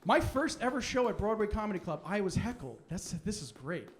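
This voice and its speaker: A man's voice: high-pitched, very animated, a little fast, heavy background noise. A young man doing a stand-up set in a comedy club, sarcastic and brash as he fires back at a heckler. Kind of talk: stand-up set with crowd work.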